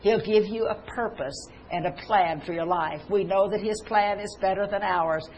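Woman, televised sermon, earnest scripture reading, mid pitch, faint noise behind. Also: moderate pace, darkish tone, low-quality recording. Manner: earnest, with many restarts, quoting scripture aloud. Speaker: preacher.

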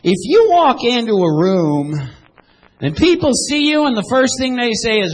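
A man preaching a sermon, animated, moving between loud and hushed and asking the congregation questions. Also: extremely high pitch, normal speed, slightly rough, low-quality recording. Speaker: pastor.

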